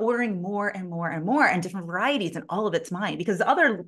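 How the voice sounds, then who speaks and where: A woman in her thirties tells sales stories in a relaxed interview, at a medium pitch. She imitates the people in her stories, punctuates nearly every phrase with "like" and swears bluntly. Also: fast, few pauses. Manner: animated, acts out quoted voices, heavy use of "like". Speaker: sales consultant guest. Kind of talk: casual storytelling in an interview.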